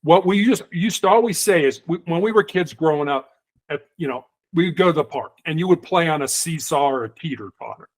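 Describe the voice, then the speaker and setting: A middle-aged man, a guest in an interview, telling stories in a lively conversational way and acting out the people he quotes. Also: on the high side, a little fast. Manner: animated, acts out quoted voices. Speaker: guest, former hostage negotiator.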